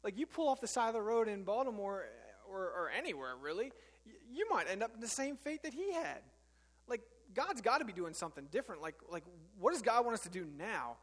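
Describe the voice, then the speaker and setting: A man's voice: sits high, sing-song, a little fast, in a large hall. A man preaching a sermon as pastor, earnest and conversational, with frequent fillers and restarts.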